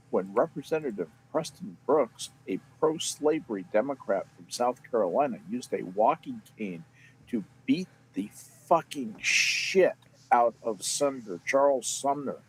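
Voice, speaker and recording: Lively-toned man with faint room hum. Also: mid-range voice, rough recording. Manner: storytelling, expressive, swearing. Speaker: panelist. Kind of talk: casual panel chat.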